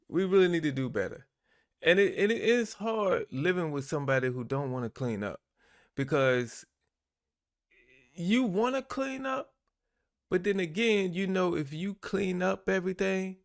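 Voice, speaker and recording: Animated man reacting with laughs. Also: fairly high pitch, moderate pace, pauses often. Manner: animated, laughing, repeats himself for emphasis. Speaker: reaction channel host. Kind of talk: casual commentary on clips.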